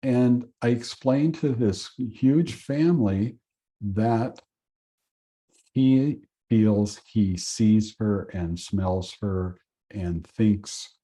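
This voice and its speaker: Male instructor, lower-pitched, unhurried lecture storytelling, gentle pauses. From Oregon, USA. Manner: earnest, pausing with fillers. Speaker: acupuncture instructor.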